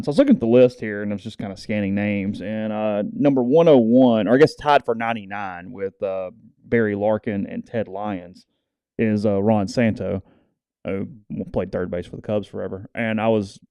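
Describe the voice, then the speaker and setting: A man's voice: fairly low pitch, normal speed, clear, resonant tone, dry recording, highs cut off. A man with a Southern US accent co-hosting a podcast, telling a rambling sports story in casual chat and acting out the quotes. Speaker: podcast co-host.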